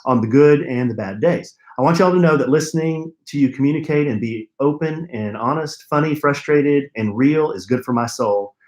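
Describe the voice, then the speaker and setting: A man's voice: mid-range voice, normal speed, hardly any pauses, a little mellow, reverberant. A man co-hosting a podcast, reading listener letters aloud with playful, teasing banter. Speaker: podcast co-host. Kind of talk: casual chat, reading listener mail.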